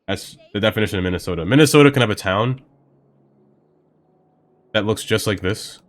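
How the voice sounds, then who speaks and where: Deep-voiced man chatting over gameplay. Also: a little fast. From Brooklyn, New York. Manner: rambling, thinks aloud with many fillers. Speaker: game streamer. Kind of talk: casual gameplay commentary chatting with viewers.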